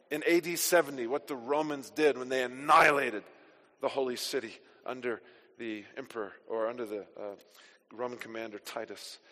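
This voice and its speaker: A high-voiced male pastor delivers an emphatic sermon, driving his points home with forceful declarations. His voice carries a long reverb, as if filling a church sanctuary. He keeps teaching steadily between the emphatic peaks.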